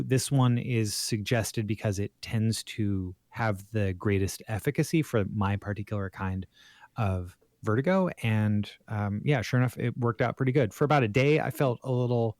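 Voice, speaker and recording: A man's voice: mid-range voice, moderate pace, a little mellow, no echo, clean studio sound. A man in his forties, co-hosting a podcast in casual chat, telling a story in a rambling way with many restarts. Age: 40s. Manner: rambling, full of restarts and fillers. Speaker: podcast co-host.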